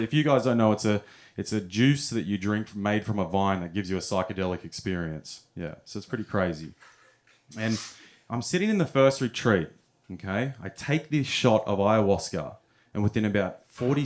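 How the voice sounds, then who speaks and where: A young man telling stories in a stand-up set at a comedy club, often chuckling at his own punchlines. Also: fairly low pitch.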